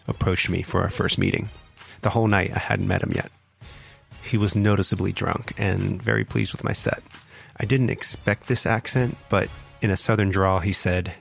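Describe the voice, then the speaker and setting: A man's voice: deep voice, gravelly, slightly rough. A man casually narrating a wild story as a podcast host, wry and swearing freely.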